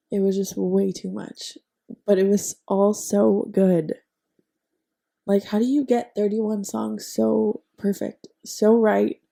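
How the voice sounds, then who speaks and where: A woman's voice: medium pitch, creaky, dark tone. A young woman co-hosting a podcast, chatting casually with lots of "like" fillers and casual swearing. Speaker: podcast co-host. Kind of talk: casual chat.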